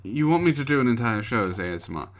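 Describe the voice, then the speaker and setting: Playful man co-host, lively pitch. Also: quick pace, a little hiss or hum. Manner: teasing, playful, laughs often. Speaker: podcast co-host. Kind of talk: casual banter.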